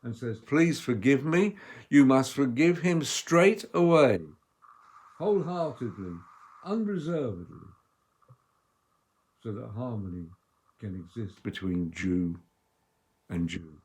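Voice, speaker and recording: A man delivering a sermon as a rabbi, measured and emphatic, with loudness that swells and drops. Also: mid-range voice, sing-song, slight background noise. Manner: measured, emphatic delivery with strong dynamic swings.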